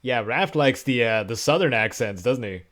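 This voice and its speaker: A man's voice: medium pitch, animated, normal speed, fairly bright tone. A man live-streaming, chatting casually and laughing often as he talks to viewers while editing. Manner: chatty, giggly, talks to chat while working.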